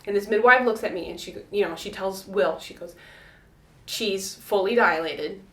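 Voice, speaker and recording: A woman's voice: mid-range voice, a little fast. A young woman from North America casually telling a story to camera and acting out the voices of the people in it. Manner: animated, acts out quoted voices. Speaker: vlogger. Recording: roomy echo.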